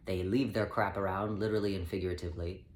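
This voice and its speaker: A low-voiced man, a spiritual channeler speaking as a collective, gives a calm, measured self-help talk, addressing the listener as "we". The recording carries the echo of a room and faint ambient noise.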